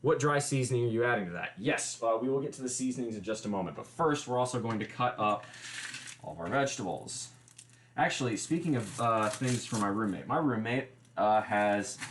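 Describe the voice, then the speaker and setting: A man's voice: medium pitch, lively intonation, a little fast, fairly bright tone, roomy sound, a little hiss or hum. A man hosting a casual cooking livestream, chatty and explaining each step with wry asides, recorded in a home kitchen. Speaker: livestream host.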